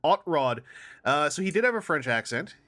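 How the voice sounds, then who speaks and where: A man's voice: on the high side, big pitch swings, normal speed, fairly bright tone. A man on a podcast panel, chatting casually and acting out quoted lines in exaggerated voices. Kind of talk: casual roundtable chat.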